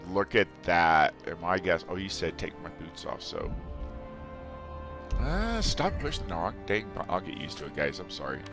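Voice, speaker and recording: Over background music, a deep-voiced, very animated man in middle age hosts a let's play at a moderate pace. He rambles through his casual game commentary, chatting with viewers and amusing himself.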